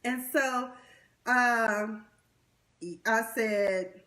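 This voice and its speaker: Speaking extremely slowly, a young commentary vlogger with a fairly high, sharp-toned voice and fairly flat intonation gives an exasperated, sassy, blunt recap. It's loaded with slang and asides and recorded on a livestream's webcam or phone mic.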